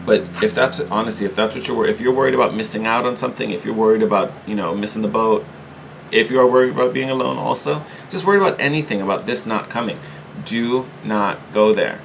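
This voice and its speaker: A man giving a casual, chatty tarot reading, animated and quick to laugh, often repeating himself. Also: lowish voice, gravelly, slight background noise, low-quality recording. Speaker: tarot reader.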